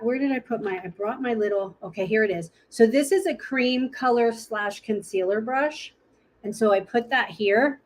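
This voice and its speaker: A woman's voice: a little high, darkish tone. Chatty woman demonstrating makeup. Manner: chatty, thinking aloud while searching for products. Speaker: makeup presenter. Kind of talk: casual live makeup tutorial.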